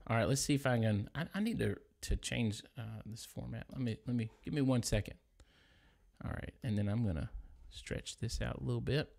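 A man's voice: mid-range voice, brisk, vocal fry, darkish tone. A man from Louisiana with a Southern accent, chatting casually on a livestream and reading viewer comments aloud. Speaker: livestream gospel singer.

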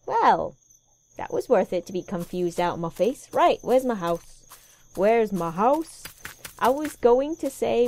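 A woman's voice: medium pitch, animated, unhurried, vocal fry, darkish tone, a little hiss or hum. Sweary young woman playing a horror game. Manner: sweary, sarcastic, jumpy. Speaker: let's play gamer.

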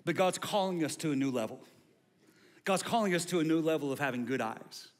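Man, pastor preaching, slightly high voice, repetitive rising refrains, long hall reverb. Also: expressive, a little fast. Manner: building to loud repetitive refrains. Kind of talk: sermon.

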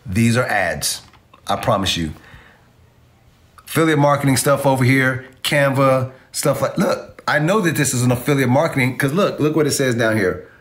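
A man's voice: medium pitch, animated, moderate pace, fairly bright tone. A man teaching online marketing in a casual livestream, brash and profane, talking to his viewers with swagger. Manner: addresses viewers as y'all.

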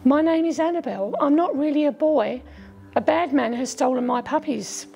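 A woman voicing a frightened orphan girl who rushes and pleads, as a storybook narrator. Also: high voice, gravelly, darkish tone, slight background noise, voice pushed up. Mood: anxious.

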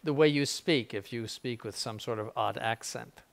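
A man's voice: mid-range voice, normal speed, gravelly. An older man, a bishop, giving an informal spiritual conference in a blunt, conversational way with frequent asides.

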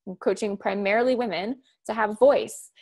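A woman in her thirties, a communication coach talking as a podcast guest, loud, direct and fast-talking. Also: mid-range voice. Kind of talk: conversational podcast interview.

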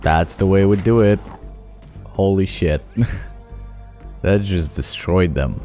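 Deep-voiced young man swearing through a let's play. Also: slow. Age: young adult. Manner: excitable, profane, taunts enemies. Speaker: gaming channel host. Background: game music.

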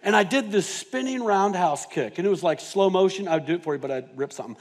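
A male pastor delivering a sermon in a church, his voice sitting noticeably high for a man. He drops to near-hushed phrases, then builds to loud, emphatic declarations. He leans on storytelling and self-deprecating humor. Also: lively intonation, fast talker. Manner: dynamic preaching, swings from hushed to loud and emphatic; humorous, self-mocking asides. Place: church sanctuary.

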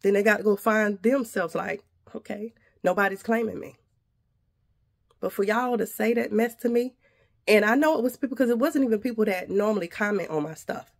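A woman's voice: mid-range voice, brisk. Indignant woman vlogger with a slight lisp. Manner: indignant, addresses viewers directly. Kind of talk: venting to camera.

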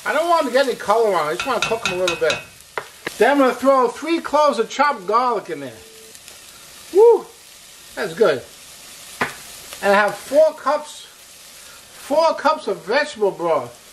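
A man's voice: high-pitched, very animated, moderate pace, long pauses, background noise. A middle-aged man hosting a cooking show as a chef, chatty and upbeat, walking through a recipe step by step with frequent exclamations. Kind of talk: casual cooking demonstration.

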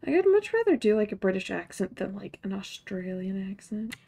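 A woman's voice: mid-range voice, very animated, a little fast, vocal fry, warm tone. A woman streamer giving casual, rambling gameplay commentary with a chatty, self-mocking way of talking.

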